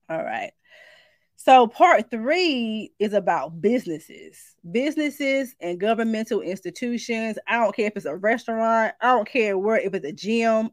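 An adult woman, sharing a dream in a casual spoken message, animated and informal, acting out the voices as she tells it. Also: medium pitch, no echo. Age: adult, married mother. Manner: animated storytelling, shifts into acted quotes, informal speech. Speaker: Christian speaker sharing a prophetic dream.

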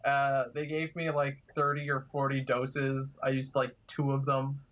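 A man's voice: mid-range voice, monotone, measured pace, fairly bright tone, lo-fi sound. A man telling casual stories as a guest, chatty and laughing through his anecdotes. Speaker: guest, kidney donor. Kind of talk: casual storytelling.

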